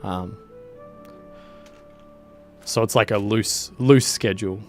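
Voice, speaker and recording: A man's voice: on the low side, slow, a little mellow, soft background music. A man, chatting casually and rambling while streaming a game. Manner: rambling, lots of fillers. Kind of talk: casual chat while gaming.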